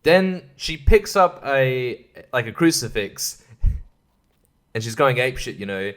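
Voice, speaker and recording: A man's voice: medium pitch, sing-song, measured pace, a bit bright, clear, resonant tone. A man hosting a podcast, reviewing a film in a sarcastic, rambling way, with lots of swearing and laughter at his own jokes. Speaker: podcast host.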